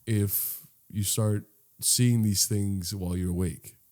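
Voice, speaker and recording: A man's voice: lowish voice, steady tone, takes it slowly, a little mellow. A young man co-hosting a comedy podcast, joking casually and laughing often in a mock-earnest way. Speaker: podcast co-host. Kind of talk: casual chat.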